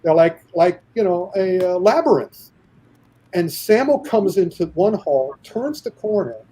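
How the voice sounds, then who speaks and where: A man telling an animated anecdote in a casual podcast chat, acting out the voices of the people he quotes. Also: high voice, measured pace, slightly rough, rough recording. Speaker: guest storyteller.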